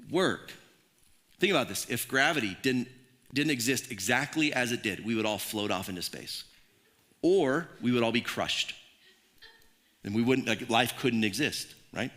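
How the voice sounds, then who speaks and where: A man preaching a casual, conversational sermon in a church, animated and full of asides and restarts. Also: medium pitch. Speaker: pastor.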